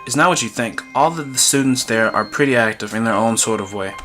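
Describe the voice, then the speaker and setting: A man voicing a gentle middle-aged father who talks in a soothing, persuasive way. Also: mid-range voice, brisk, faint music behind, natural voice. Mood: coaxing.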